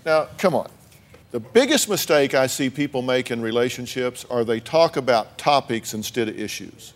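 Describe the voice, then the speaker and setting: A man's voice: medium pitch, expressive, normal speed. A man hosting a daytime talk show, blunt and teasing as he challenges his guests.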